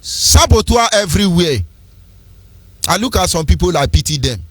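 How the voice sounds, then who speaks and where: A man's voice: high-pitched, expressive, normal speed, long pauses, a bit bright, husky, no room sound. A man with a Nigerian accent hosting a fiery political radio commentary, ranting in an impassioned, preachy sing-song. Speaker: radio host.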